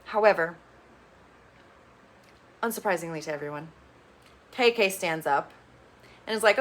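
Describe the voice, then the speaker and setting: A woman's voice: mid-range voice, normal speed, long pauses. A woman giving a casual, gossipy recap of a reality TV show, blunt and opinionated, swearing freely. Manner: chatty, gossipy storytelling with bursts of excitement.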